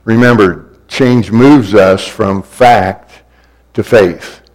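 Man, preacher, sermon, unhurried delivery, repetitive rising cadence. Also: fairly low pitch, a little mellow, poor audio. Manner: repetitive, building cadence with sudden swells.

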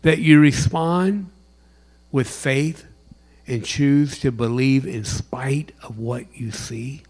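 A man giving a sermon as a chaplain, with dramatic storytelling, sudden loud bursts and hushed whispers. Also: medium pitch, steady tone, slow pace.

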